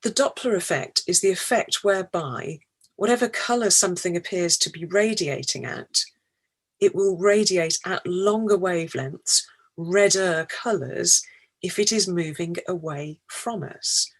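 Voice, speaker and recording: Lady lecturing on science, slow careful explaining, kinda breathy voice. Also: on the low side. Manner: measured, deliberate explanatory delivery.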